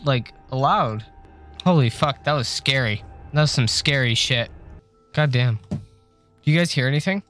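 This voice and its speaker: A young man talking to his stream viewers over a desk mic, loose and jokey with plenty of swearing. His voice sits at an ordinary middle pitch, and he turns jumpy and loud when the game scares him. Faint music plays in the background. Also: a little slow, long pauses. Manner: joking, chatty, swears a lot, gets jumpy when scared. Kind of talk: casual livestream chat while gaming. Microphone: desk microphone.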